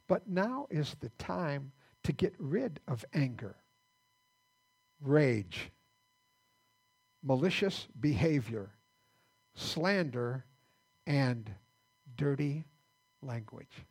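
Gravelly husky male pastor preaching. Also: on the high side, lively intonation, darkish tone. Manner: halting, repeats words as he restarts. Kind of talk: conversational sermon. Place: church.

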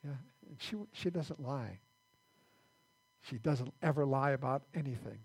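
A man preaches a conversational sermon in church with a darkish, mid-range voice that has a breathy edge. He keeps halting, restarting his sentences and repeating words along the way.

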